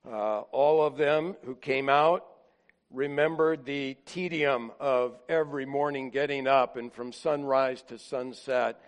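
A man preaching a sermon as a pastor, earnest and conversational, pausing on fillers. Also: medium pitch, steady tone, clear, resonant tone.

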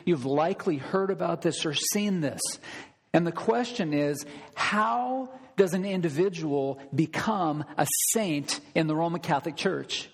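A man's voice: on the high side, in a large hall. A male pastor preaching a sermon emphatically, repeating key phrases and putting questions to the congregation.

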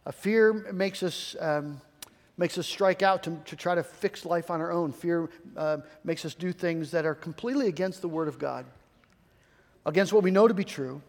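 A man's voice: fairly high pitch, normal speed, in a large hall. A male pastor preaching a sermon in an earnest way, often repeating key phrases and restarting his sentences.

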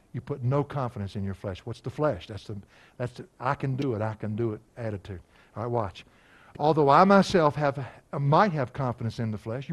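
A man delivers an animated sermon at a mid-range pitch. He keeps asking his listeners questions and slows down to read each verse aloud. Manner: animated, asks the congregation questions, slows for scripture. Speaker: preacher. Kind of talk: expository sermon.

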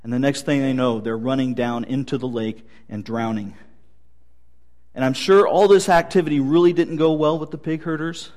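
A man's voice: medium pitch, fairly even intonation, moderate pace, a little mellow. A male pastor preaching a sermon, telling stories with light humor.

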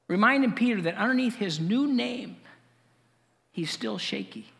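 A man's voice: high-pitched, big pitch swings, moderate pace, vocal fry, fairly bright tone, long reverb tail. A man preaching a sermon as pastor, conversational and wry, with asides and chuckles.

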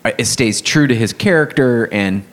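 A man's voice: mid-range voice, animated, moderate pace. A man telling a story in a casual faith discussion, rambling with lots of fillers. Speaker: podcast co-host.

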